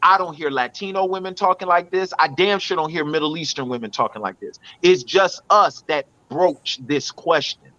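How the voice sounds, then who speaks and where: A man's voice: a little high, moderate pace, hardly any pauses, bright, forceful tone, dull audio. A man co-hosting a podcast, arguing his point in a blunt, preachy and profane way. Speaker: podcast co-host. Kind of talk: casual podcast debate.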